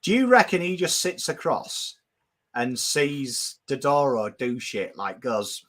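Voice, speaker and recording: A man hosts a loose football talk show with a bright, forceful voice. He talks in quick, animated bursts and swears casually as he goes. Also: mid-range voice. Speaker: podcast host. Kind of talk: casual footy chat.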